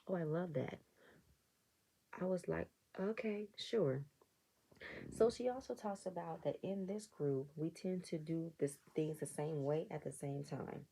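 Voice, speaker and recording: Low husky-voiced woman doing a sarcastic reality tv recap, gravelly edge, chatty. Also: moderate pace, few pauses, poor audio. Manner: animated, sarcastic commentary with mock quoted reactions. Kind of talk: casual episode review.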